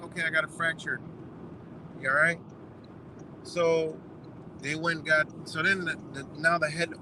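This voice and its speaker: Young guy, casual storyteller, slightly high voice, swears freely, outdoors with traffic noise. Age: young adult. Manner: retells doctors' talk in quick quoted exchanges, swears freely. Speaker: vlogger.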